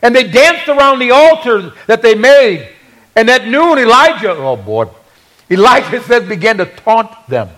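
A man preaching a sermon as a pastor, telling a Bible story in an animated way and acting out the quoted voices with humor. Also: very high voice, unhurried, rough recording.

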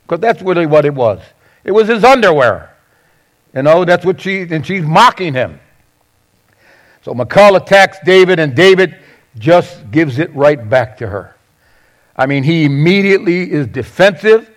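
A man preaching a sermon, conversational and animated, acting out quoted lines with sarcasm. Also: fairly high pitch, moderate pace. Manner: conversational with self-corrections. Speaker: pastor.

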